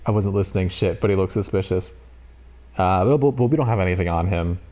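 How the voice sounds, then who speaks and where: A man streaming a game live, commenting excitably, swearing and pleading with the game. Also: sits low, brisk, highs cut off.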